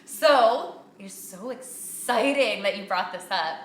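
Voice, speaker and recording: A woman's voice: mid-range voice, animated, slow pace, roomy sound, a little hiss or hum. A Canadian woman in her thirties hosting a live cooking show from her home kitchen, chatting upbeat and answering viewer questions.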